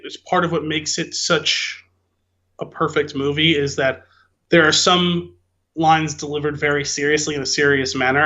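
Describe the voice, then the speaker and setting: A man with a fairly high voice talks through a film in a measured, explanatory way as a podcast co-host. His audio sounds slightly dull and muffled. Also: pushed and bright. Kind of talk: casual movie discussion.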